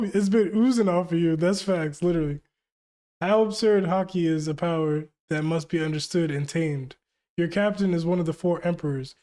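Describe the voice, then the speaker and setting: A young man hosts a live manga reaction, reading lines aloud and then bursting into hyped, slangy reactions. His voice is high and a little mellow.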